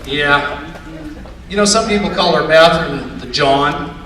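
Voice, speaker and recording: A man's voice: on the high side, animated, measured pace, crowd noise. An older man doing stand-up comedy with wry storytelling and punchlines. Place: live comedy venue. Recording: echoey room, distant mic, faint ambience.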